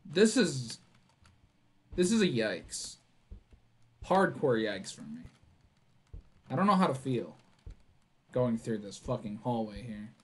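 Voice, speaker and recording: A young man playing a horror game for his channel, reading the notes aloud, swearing and yelling when startled. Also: mid-range voice, sing-song, slow, long pauses, husky. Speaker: gaming YouTuber. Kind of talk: horror game let's play commentary.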